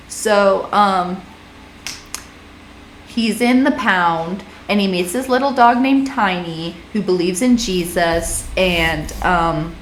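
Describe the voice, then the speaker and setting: A woman's voice: mid-range voice, fairly bright tone, roomy sound, slight background noise. A young woman vlogger casually recapping movies, rambling and chatty with many fillers.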